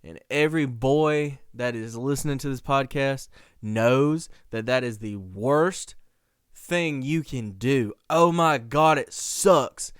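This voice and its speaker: Young male podcast host, animated and slangy, with a smooth tone and close, dry mic sound. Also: mid-range voice, takes it slowly, no echo. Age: young adult. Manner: animated, slangy, laughs often. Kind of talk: casual storytelling.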